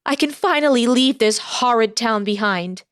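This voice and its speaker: A woman voicing an indignant young woman on her wedding day who speaks in a proper, sharp way and rises to shouting. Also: on the high side, expressive, moderate pace, clean tone, no room sound, studio quality, pitched above the performer's own voice, lightly acted. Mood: bitter.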